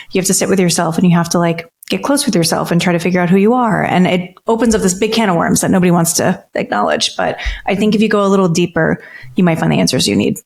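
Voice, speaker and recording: Gravelly, low-voiced woman therapist. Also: fast. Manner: candid, reflective, talks in long stretches. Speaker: therapist co-host. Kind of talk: casual podcast chat.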